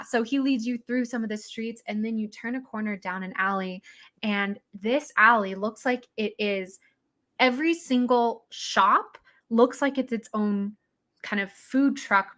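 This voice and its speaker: A woman's voice: fairly high pitch, a little slow, a bit bright. Woman running a tabletop game, chatty, lots of um and like. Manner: chatty, with many fillers and asides. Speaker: game master.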